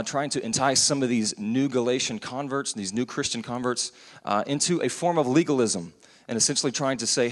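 Earnest man preaching in a reverberant hall. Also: medium pitch. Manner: earnest, conversational, with many restarts. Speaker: pastor. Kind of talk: sermon. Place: church sanctuary. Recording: long church hall reverb.

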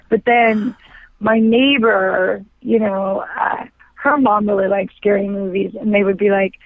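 A woman's voice: medium pitch, level tone, a little slow, no room sound. A woman actor chatting as a guest, rambling with lots of fillers. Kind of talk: casual interview chat. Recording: tinny dry phone line.

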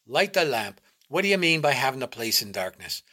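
A man's voice: medium pitch, very animated, fairly quick, sharp tone. A man voicing an angry, drunken working-class father who bawls at his son. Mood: furious. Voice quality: bawling, blustering.

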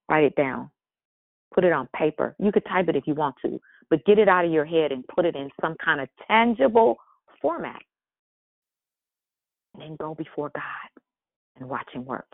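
A woman's voice: low voice, gravelly, no echo. A woman hosting a morning leadership devotional, preaching with fervent repeated exhortations and chatty asides where she corrects herself. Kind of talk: preaching sermon. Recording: dry, phone-like line.

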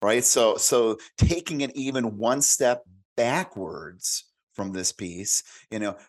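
Low-voiced man nearing sixty. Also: animated, slow pace. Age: late 50s. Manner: explanatory, storytelling, frequent "right?" and restarts. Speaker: podcast guest, career coach. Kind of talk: casual conversational interview.

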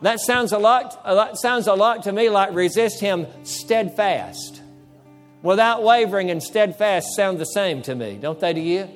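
Male pastor, high voice, emphatic sermon delivery, faint music in the background. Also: unhurried. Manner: emphatic, repeats phrases, acts out dialogue with the devil.

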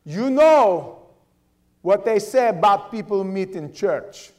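A man voicing a menacing armed Russian soldier in a put-on Russian accent, loud and clipped. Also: high-pitched, lively intonation, slow pace, voice pushed up. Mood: threatening. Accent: mock Russian.

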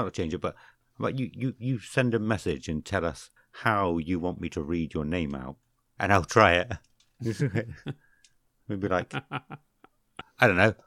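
A man co-hosting a podcast, joking around, stumbling over and correcting his words, reading names in a slow, drawn-out way. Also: lowish voice, vocal fry, sharp tone, no echo, clean studio sound. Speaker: podcast co-host. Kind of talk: casual podcast chat.

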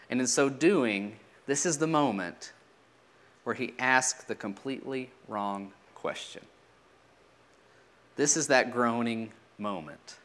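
A man's voice: mid-range voice, bright, forceful tone. A man preaching a sermon in a teaching manner, asking rhetorical questions and letting his voice drop at the ends of phrases.

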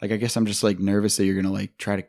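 A young man with a fairly low voice co-hosts a casual podcast. He rambles, jokes and swears often as he talks. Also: level tone, darkish tone. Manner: profane, rambling, quick to joke. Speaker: podcast co-host.

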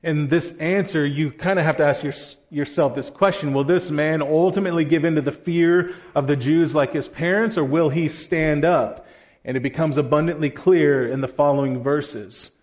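A man's voice: a little high, normal speed, darkish tone. A man preaching a sermon, speaking to children and the congregation and acting out the quoted lines of scripture with expression. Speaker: pastor.

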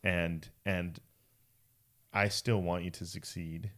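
A man speaking at a church series, talking through his thoughts reflectively and often pausing to search for words. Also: low voice, little pitch movement, fairly bright tone. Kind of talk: conversational talk in a church series.

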